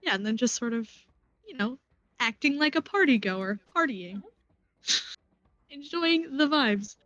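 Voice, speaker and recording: A woman's voice: high-pitched, expressive, slow pace, a bit bright, no echo. A woman playing a tabletop game, chatty and giggly. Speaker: player. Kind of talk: casual tabletop play. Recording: dull dry home mic.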